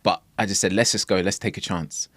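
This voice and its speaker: Excitable young man with a lowish voice. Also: fairly quick, no echo. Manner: excitable, animated retelling. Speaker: podcast guest, camera operator. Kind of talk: casual storytelling chat.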